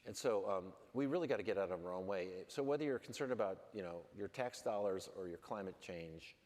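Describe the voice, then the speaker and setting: Low-voiced man, blunt, in a reverberant hall. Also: fairly quick, a little mellow. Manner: blunt, self-deprecating, wry. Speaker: lawmaker as panel guest. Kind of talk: candid panel conversation. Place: large event hall on stage.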